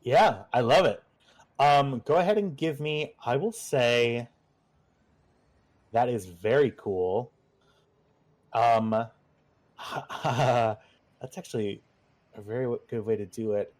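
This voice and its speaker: A man narrating as game master, halting and full of fillers, laughing easily as he rules on the players' moves. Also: mid-range voice, a little mellow. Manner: hesitant, many fillers and restarts, laughs easily.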